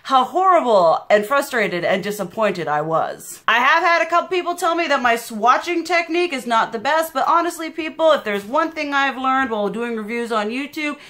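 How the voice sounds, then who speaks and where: A young woman talking in a casual beauty vlog, loud, passionate and emphatic in a chatty, animated way. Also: high-pitched, moderate pace, hardly any pauses. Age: young adult. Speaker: beauty vlogger.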